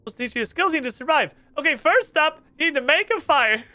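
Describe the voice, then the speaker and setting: A man voicing an excitable, bossy tutor stranded underwater, in a squeaky, put-on voice. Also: fast talker, no room sound, heavily acted. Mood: chirpy.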